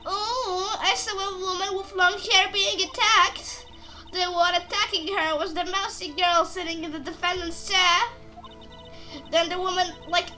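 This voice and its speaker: A woman plays a ditzy young witness in a game dub, coy and bubbly. The voice sits very high with a bright ring, and the lines come out slowly and breathily. Faint game music plays behind. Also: full character voice. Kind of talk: amateur game voice acting.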